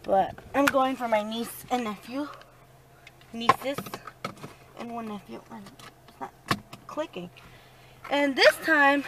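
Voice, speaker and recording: In this very noisy clip, a young mother speaks slowly in a fairly high voice, leaving long pauses. She chats with her viewers in English and Spanish while vlogging casually with her daughter, holding the phone herself at home and out in the rain.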